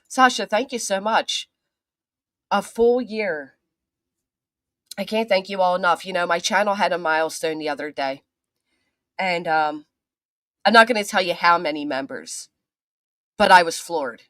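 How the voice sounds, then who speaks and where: A woman's voice: on the low side, moderate pace, pauses often, a bit bright, no room sound, clean studio sound. A woman hosting a casual livestream, chatting and greeting viewers by name, swearing now and then. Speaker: channel host.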